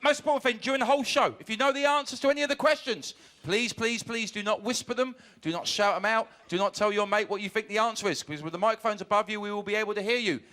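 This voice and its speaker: Cheeky high-voiced warm-up man. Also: fast, hardly any pauses. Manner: cheeky, joking, shouting to the crowd. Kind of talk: audience warm-up banter. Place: TV studio with audience. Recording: crowd in studio. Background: audience.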